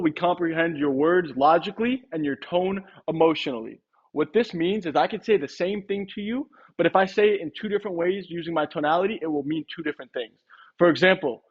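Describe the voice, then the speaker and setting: A man with a fairly high, husky voice coaches door-to-door sales reps in a direct, casual way. The recording sounds muffled and lo-fi. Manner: direct, coaching, acts out tone examples. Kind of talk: casual sales training talk.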